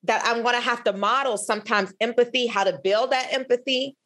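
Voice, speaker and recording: Woman podcast guest, candid and emphatic, voice a touch high, lots of restarts. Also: brisk. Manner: expressive, emphatic, with frequent restarts. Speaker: podcast guest, physician researcher.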